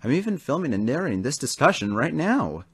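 A man's voice: a little high, big pitch swings, brisk, fairly bright tone, slightly rough, pitched above the performer's own voice, exaggerated voice. A man voicing a friendly film director in a toy train story, kind and matter-of-fact. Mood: kindly.

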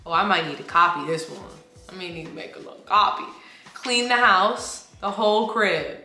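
A bright, forceful woman chats to her camera with gushing excitement and frequent laughter. Her voice rings out in a roomy room with a clear echo. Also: medium pitch. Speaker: vlogger opening birthday gifts. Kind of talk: casual chat to camera.

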